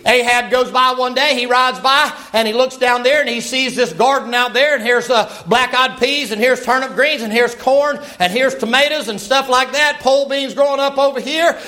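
A man preaching a sermon as a folksy, animated story, acting out the characters as he goes. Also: very high-pitched, moderate pace, hardly any pauses.

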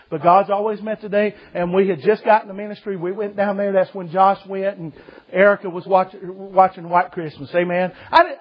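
A man's voice: sits high, dull audio. A man, preaching a folksy, joking sermon to a church congregation and calling his listeners brother. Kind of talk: humorous storytelling sermon. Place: church service.

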